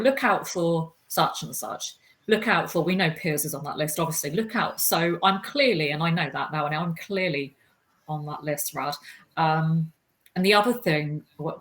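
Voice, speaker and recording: A woman with a fiery, animated manner, telling her story as an interview guest. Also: deep voice. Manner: animated when recounting, fiery. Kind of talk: conversational interview.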